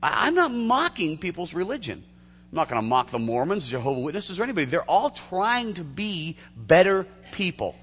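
A man preaching a sermon as a pastor, telling stories in an animated way with restarts and laughter. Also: fairly high pitch, moderate pace, in a large hall.

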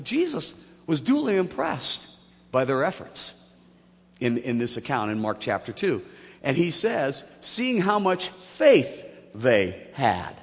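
Animated man preaching in a reverberant hall. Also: high voice. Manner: animated storyteller, acts out voices, jokes. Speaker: pastor. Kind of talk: sermon.

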